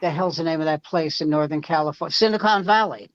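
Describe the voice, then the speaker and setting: A man, a comedian guest, telling family stories in an animated way and jumping up loudly when he imitates people. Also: on the high side, fast, dry recording. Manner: animated, loud jumps when acting out quotes. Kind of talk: storytelling comedy chat. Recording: dull lo-fi dry sound.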